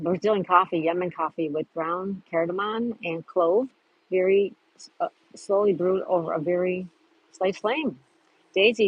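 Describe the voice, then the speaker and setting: A woman's voice: mid-range voice, breathy edge, no echo, dull audio. A woman hosting a casual live stream outdoors at a park, chatting and greeting viewers by name as she reads their comments. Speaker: livestream host.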